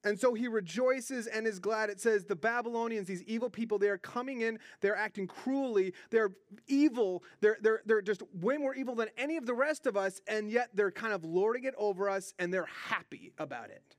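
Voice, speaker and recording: A young man with a high voice preaches earnestly, speaking conversationally and doubling back on words as he presses a point. The sound is dry and close, with no room around it. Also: brisk, no room sound. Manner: earnest, repeats words when stressing a point. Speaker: pastor. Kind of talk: sermon.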